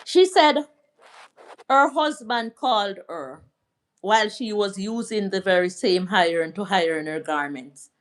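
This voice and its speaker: A woman's voice: medium pitch, expressive, a little slow. A middle-aged Jamaican woman hosting a live stream, telling a family story and answering viewers' comments. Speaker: livestream host. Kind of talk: casual live chat and storytelling.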